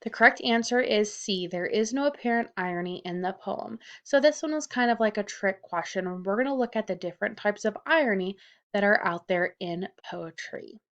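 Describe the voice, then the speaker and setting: A woman high school teacher narrating a recorded lesson over slides, explaining things clearly and reading out questions and answers. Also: normal speed, dull audio.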